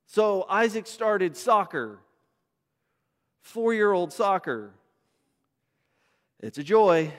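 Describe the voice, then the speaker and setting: High-pitched guy preaching, chatty with little stories, big echoey church hall. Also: very animated, takes it slowly, pauses often, fairly bright tone. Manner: conversational, anecdotal preaching with asides to the congregation. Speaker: pastor. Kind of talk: sermon. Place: church sanctuary. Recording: long reverb of a church hall.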